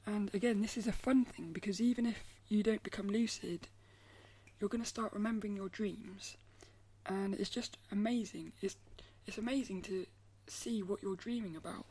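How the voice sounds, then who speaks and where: A woman artist talking casually to camera, soft-spoken and often dropping into a breathy half-whisper, rambling and restarting her phrases. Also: mid-range voice, moderate pace. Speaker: artist vlogger.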